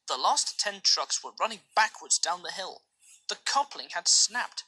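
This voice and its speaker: A woman reading a children's train story aloud in an expressive storytelling style. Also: fairly low pitch, measured pace, breathy edge, low-quality recording.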